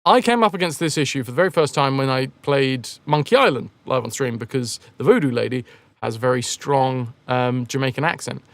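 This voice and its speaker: A man's voice: mid-range voice, a little fast, no room sound. A man chatting casually on a game live stream, rambling and joking as he answers chat messages.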